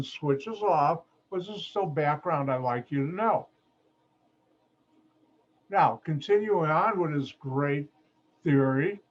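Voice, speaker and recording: Male chemistry instructor, playful and jokey, teaching a class in a somewhat high voice over dull, muffled video call audio. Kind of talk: online lecture.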